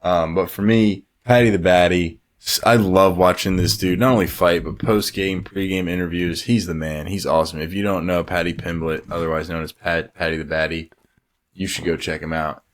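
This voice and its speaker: Deep-voiced man in easygoing sports chat. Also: steady tone, moderate pace. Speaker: podcast co-host. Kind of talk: casual sports talk.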